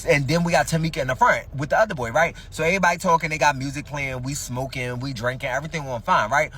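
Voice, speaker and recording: Fast-talking husky storyteller man. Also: on the high side, a bit bright, recorded from a distance. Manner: slangy, profane, talks straight to listeners. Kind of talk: casual first-person storytelling.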